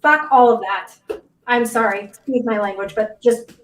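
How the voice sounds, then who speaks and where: A woman's voice: on the high side, normal speed, far from the mic, a crowd in the background. A female co-host of a live news show giving blunt, angry, profane commentary. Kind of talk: live online news talk. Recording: roomy, off-mic sound.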